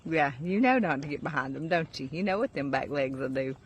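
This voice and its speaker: A Southern woman from Alabama coos and calls to her farm animals in a lively, swooping voice. She is outdoors, with faint background noise and a mic that is sometimes far off. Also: deep voice, brisk. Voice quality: sing-song baby talk to animals. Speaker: homestead vlogger. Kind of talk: casual talk to farm animals.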